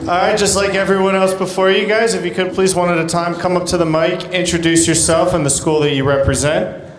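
A man's voice: high-pitched, fairly even intonation, fairly quick. A man emceeing a school spelling bee, calling up the next group of students and leading rounds of applause in an upbeat way. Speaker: event emcee. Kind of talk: announcing at a school event. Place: school event hall. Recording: echoey room with music and crowd.

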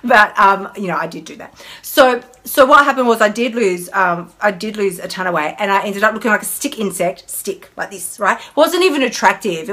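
A woman's voice: medium pitch, lively intonation, moderate pace, fairly bright tone. A woman hosting a casual live stream, talking candidly and emphatically about her own eating habits. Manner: candid, chatty, emphatic, with acted inner dialogue. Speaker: host.

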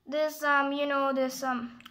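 A woman's voice: high voice, flat delivery, slow pace, bright, forceful tone, slight background noise. A woman explaining a geometry exercise step by step in a casual, rambling way, often stopping to correct herself and apologize. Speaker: math tutorial maker.

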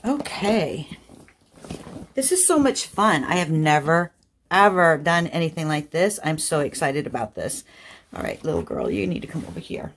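A woman crafting vlogger chatting casually through an unboxing, gushing with excited exclamations. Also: low-pitched, normal speed, a little hiss or hum.

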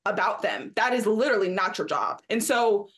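A woman's voice: medium pitch, animated, moderate pace, a bit bright. A woman co-hosting a sports talk show, arguing her point emphatically and acting out quotes in mocking voices. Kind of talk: studio discussion.

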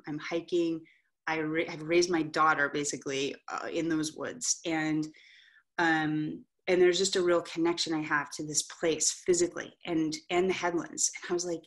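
Middle-aged woman doing a motivational talk, lowish voice, chatty storyteller, keeps saying right?. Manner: candid, animated storytelling with frequent "right?" asides. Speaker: author and coach, guest speaker.

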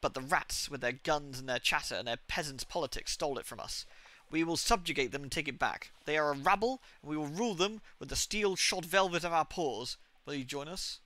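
Haughty rodent ruler, a man reading her with theatrical formality and a high, bright voice. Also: brisk, hardly any pauses. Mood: grandiose. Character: haughty female guinea pig ruler.

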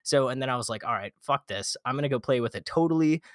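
A man telling a gaming story in a casual podcast chat, animated, swearing often and acting out quotes. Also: mid-range voice, fast, no room sound, studio quality. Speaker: podcast guest.

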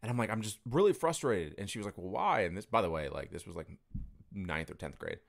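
A man's voice: low-pitched, expressive, fast, gravelly, a bit bright. A young adult man in casual conversation, talking candidly and rambling, swearing freely as he tells stories.

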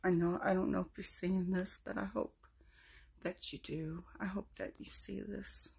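A woman recording a personal video message to children she misses, speaking softly and tenderly, often in a hushed whisper. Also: fairly low pitch, steady tone, moderate pace, gravelly, slightly rough. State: fighting tears. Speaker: vlogger addressing absent children.

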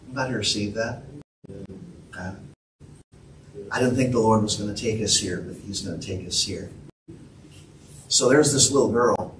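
A man's voice: fairly low pitch, moderate pace, pauses often, background noise. A male pastor preaching an earnest, emphatic sermon and calling out to his congregation. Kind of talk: sermon with storytelling. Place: church sanctuary. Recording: echoey church room from a distance.

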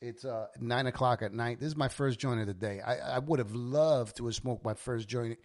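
A New man in his forties hosts a laid-back podcast chat. He tells stories in a lively, animated way and swears freely along the way. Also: mid-range voice, moderate pace. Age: 40s. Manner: swears often, animated storyteller. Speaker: podcast host. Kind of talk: casual chat.

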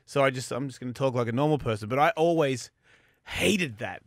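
A man's voice: mid-range voice, brisk, no echo, clean studio sound. A man hosting a radio show, talking in crude, rambling banter with lots of stammering restarts. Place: radio studio. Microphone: studio microphone.

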